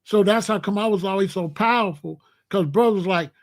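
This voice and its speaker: A man from Chicago talks through a story in loose, slangy street talk and puts on the voices of the people in it. His voice sits notably high for a man. The delivery is relaxed and conversational, like a host speaking straight to his audience. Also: normal speed. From Chicago, USA. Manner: animated, slangy, acts out the other people's lines. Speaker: show host. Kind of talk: casual storytelling monologue.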